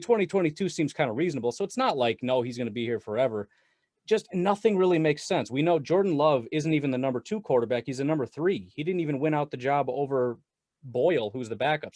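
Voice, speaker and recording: A man talking sports as a guest on a casual podcast, animated and rambling with frequent laughs. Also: medium pitch, no room sound, clean studio sound. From Wisconsin. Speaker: guest Packers commentator.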